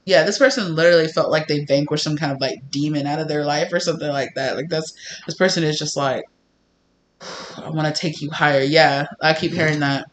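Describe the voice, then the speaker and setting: A man giving a casual tarot reading, talking in an animated way with lots of fillers and some swearing. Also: fairly high pitch, fairly quick. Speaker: tarot reader.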